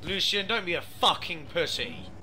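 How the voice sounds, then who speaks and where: A man giving profane, excitable commentary over his own gameplay as host of a gaming video, talking into a gaming headset. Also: sits high, moderate pace. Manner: profane, excitable, yelling in bursts.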